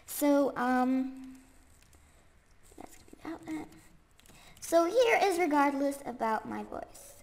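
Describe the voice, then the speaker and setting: A young woman with a very high voice that sounds stuffy and congested from a cold. She rambles casually through game commentary, full of fillers and sudden excited squeals, and she talks at an unhurried pace. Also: vocal fry. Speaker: gaming YouTuber.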